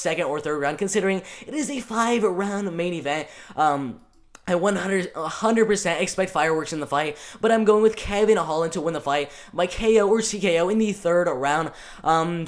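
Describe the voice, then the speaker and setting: A young man hosting his own fight-prediction channel, talking casually and excitedly with lots of ums and restarts. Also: high voice. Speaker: MMA channel host.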